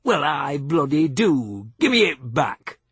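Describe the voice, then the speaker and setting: A man's voice: on the high side, big pitch swings, slow, a bit bright, breathy edge, no echo, full character voice. A man voicing a drunk, bullying young farm lad who talks in blunt, belligerent northern dialect.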